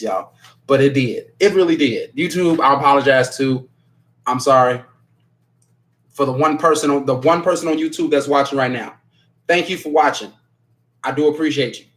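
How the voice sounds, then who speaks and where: A man's voice: medium pitch, fairly bright tone. A man hosting a casual livestream and reading viewer comments aloud, talking bluntly and emphatically, swearing freely and repeating his points. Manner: apologetic after ranting.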